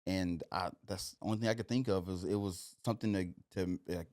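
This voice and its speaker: A man's voice: deep voice, fairly even intonation, fairly quick, darkish tone, no echo, studio quality. A young man, a podcast guest telling his story loosely, with lots of "like" and "you know". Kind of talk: casual storytelling.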